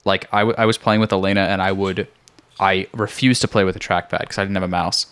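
A man's voice: deep voice, flat delivery, fast, a bit bright, clear, resonant tone. A young man hosting a casual game podcast, rambling with many fillers and frequent laughs. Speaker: podcast host. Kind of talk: casual chat.

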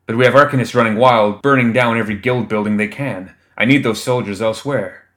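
A man's voice: medium pitch, brisk, a bit bright, close to an everyday voice. A man voicing a short-tempered governor general who snaps, growls and barks his orders in an audiobook reading. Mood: growling. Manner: snapping, growling, barking orders. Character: angry blustering male governor general, bureaucrat. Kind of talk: audiobook character voice.

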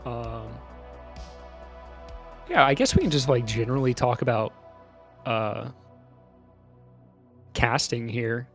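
A man talks loosely through a casual podcast chat, with lots of "like" and "uh" as he goes. His pitch sits in a middling range. Soft music plays faintly underneath. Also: lively intonation, takes it slowly, pauses often. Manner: chatty, loose, full of "like" and "uh" fillers. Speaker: podcast co-host. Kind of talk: casual chat about a movie.

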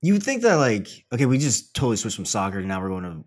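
A young man with a fairly low voice chats casually, trailing off into fillers and restarts. He swears loosely and talks in a relaxed, rambling way. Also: fast. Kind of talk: casual chat.

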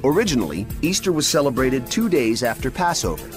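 Male narrator, scripted history piece, animated delivery, music bed under the voice. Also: mid-range voice, a little fast.

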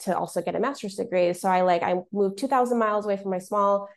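A woman from the US Midwest leads a relaxed panel chat in a mid-pitched voice. She talks in loose, rambling sentences full of fillers and self-corrections. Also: fast. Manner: chatty, many fillers and restarts. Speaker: discussion host. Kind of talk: casual panel conversation.

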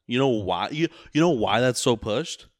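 A man's voice: medium pitch, lively intonation, normal speed, no room sound, clean studio sound. A man in casual chat who tells long rambling stories and swears a lot. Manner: rambling storyteller, heavy swearing.

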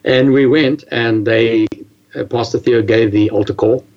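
A man telling a personal story in a casual, animated way, halting often and restarting his sentences. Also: medium pitch, highs cut off.

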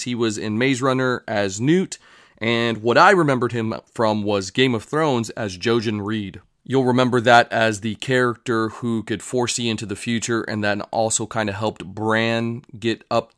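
A man's voice: medium pitch, dry recording, clean studio sound. A young man reviewing a series in a loose, rambling way, with swearing asides. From United States. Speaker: show reviewer. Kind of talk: casual show review.

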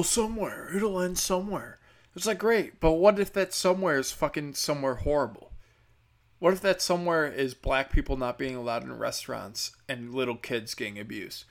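A man's voice: mid-range voice, vocal fry, a bit bright. A man hosting his own talk show, delivering an angry, profane and sarcastic political rant. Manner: mocks others in put-on voices. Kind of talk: ranting political commentary.

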